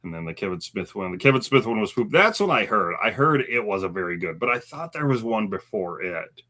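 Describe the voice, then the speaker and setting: A man co-hosting a live stream in casual chat, chatty and animated, laughing often and reading viewer comments aloud. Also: on the low side, brisk.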